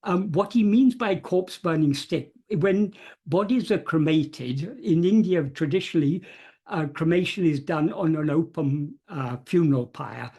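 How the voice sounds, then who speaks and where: A man on a video call explaining a spiritual text carefully, pausing often with fillers and restarts. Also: on the high side, darkish tone, breathy edge. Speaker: teacher of spiritual texts. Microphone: computer mic on a video call.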